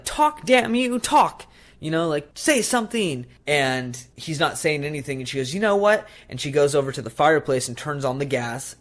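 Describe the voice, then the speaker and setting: Male podcast co-host, mid-pitched, lively storyteller. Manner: animated retelling, acts out movie lines. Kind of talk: casual chat.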